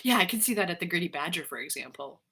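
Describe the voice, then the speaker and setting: A woman co-hosts a relaxed live morning chat, upbeat and quick to laugh. Her voice is bright and forward with a husky, breathy edge. She talks loosely, full of "like" and "right". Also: lowish voice. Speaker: co-host. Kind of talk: casual live-stream chat.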